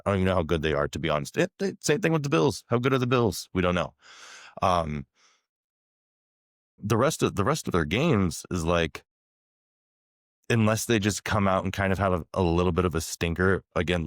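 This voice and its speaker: A man co-hosting a sports podcast in casual chat, rambling and repeating himself in a smooth voice. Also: no room sound, clean studio sound. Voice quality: smooth, deep voice. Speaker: podcast co-host.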